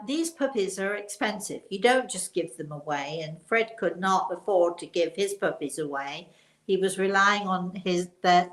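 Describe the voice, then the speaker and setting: A woman's voice: on the low side, a bit bright. An older woman, a spiritual teacher, telling a rambling personal anecdote with quoted dialogue. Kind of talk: storytelling talk. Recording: roomy echo.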